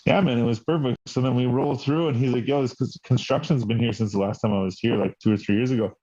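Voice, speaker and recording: A young man with a mellow, darker voice tells a long, profane road-trip-style anecdote in loose podcast chat, slipping into other people's lines as he goes. The audio is slightly dull and lo-fi. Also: medium pitch, quick pace. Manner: profane, rambling, acts out quoted dialogue. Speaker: podcast co-host. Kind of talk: casual storytelling chat.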